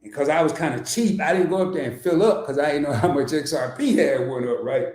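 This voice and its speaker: A middle-aged man hosting his own investing channel, talking casually at his home computer in an animated storytelling way, chuckling as he goes. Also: fairly quick, roomy sound. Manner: animated storytelling, pitch jumps way up when excited, chuckles often. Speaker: crypto investing channel host. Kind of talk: casual personal vlog chat.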